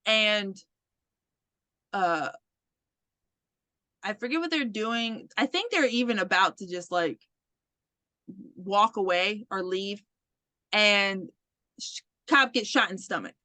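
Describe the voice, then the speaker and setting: A woman's voice: mid-range voice, slow pace, long pauses, sharp tone, no room sound. A woman hosting a podcast, animatedly retelling a movie plot with swearing and laughter, acting out the characters. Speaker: podcast host. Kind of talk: casual movie recap chat.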